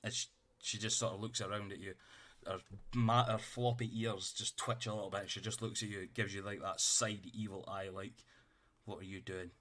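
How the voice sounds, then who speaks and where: A man's voice: on the low side, little pitch movement, a little fast, hardly any pauses, fairly bright tone. A man running a tabletop game as game master, narrating loosely with lots of fillers and casual swearing.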